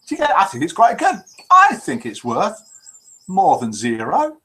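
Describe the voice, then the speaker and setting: A man's voice: medium pitch, sing-song, a little fast, fairly bright tone. A man over fifty hosting a live call-in show, joking and reading out viewers' messages. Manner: jokey, reads out viewer messages. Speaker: host.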